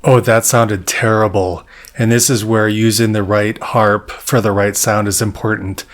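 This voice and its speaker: A man's voice: lowish voice, flat delivery, unhurried, heavy background noise. Man teaching jaw harp step by step. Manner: patient, step-by-step explaining; self-deprecating about his playing. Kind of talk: instructional tutorial.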